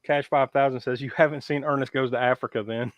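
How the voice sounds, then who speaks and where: A man's voice: medium pitch, fairly even intonation, brisk, no echo. A man hosting a live horror podcast, chatting casually with a joking, rambling, wry manner. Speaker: podcast host. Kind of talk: casual live-stream chat. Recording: dull lo-fi sound.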